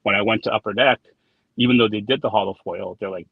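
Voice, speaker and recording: A man's voice: lowish voice, steady tone, fast, husky, dry recording. A man being interviewed in casual conversation, rambling and repeating words as he tells anecdotes with quoted dialogue. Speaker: trading card designer, guest. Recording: dull lo-fi sound, dry.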